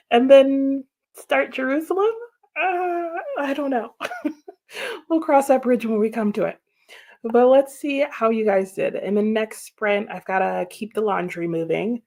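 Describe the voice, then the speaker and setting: A woman hosting a live reading sprint stream, chatting casually and answering viewers' comments. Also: on the low side. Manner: chatty, laughs often, reads viewer comments aloud. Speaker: livestream host.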